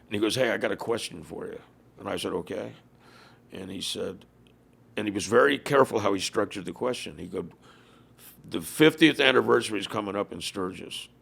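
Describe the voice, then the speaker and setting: A man's voice: on the low side, a little fast, a bit bright. An older man, a former biker club leader, telling stories in an interview and acting out what people said. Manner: gravelly, acts out quoted dialogue. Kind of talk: storytelling in a podcast interview.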